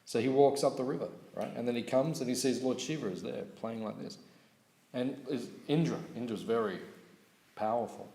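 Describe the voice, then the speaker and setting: A man giving a morning scripture class at a temple, telling stories lively and checking in with his listeners. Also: mid-range voice, normal speed. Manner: lively storyteller, asks audience questions, laughs. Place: temple hall. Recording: echoey hall recording.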